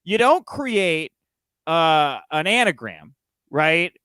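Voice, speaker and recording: A man hosting a podcast in a relaxed, chatty way, full of quick asides and laughs. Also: a little high, smooth, no room sound. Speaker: podcast host. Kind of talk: casual chat.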